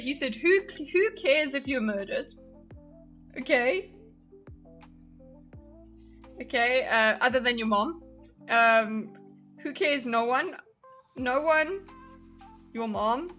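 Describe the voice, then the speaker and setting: A woman streamer with a high, pushed and bright voice giggles and chats casually as she reacts to videos with viewers. She talks to her chat while drawing a diagram during this casual reaction livestream.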